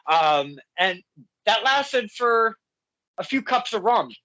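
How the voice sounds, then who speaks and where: A man's voice: high voice, sharp tone, no room sound, poor audio. A man hosting a casual interview, rambling and chatty with lots of fillers and self-corrections. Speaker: podcast host.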